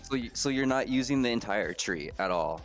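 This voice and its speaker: A man's voice: mid-range voice, lively intonation, a little fast, music in the background. A man streaming and chatting casually with friends, laid-back, laughing easily. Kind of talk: casual gaming voice chat.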